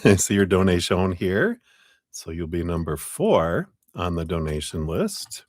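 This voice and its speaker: Casting: low-voiced male stream host, lively sing-song greetings, laughs easily, close dry mic. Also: measured pace, no room sound. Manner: chatty, greets viewers warmly, laughs often, drops into quiet asides. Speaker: tarot reader hosting a live stream. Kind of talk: casual live-stream chat.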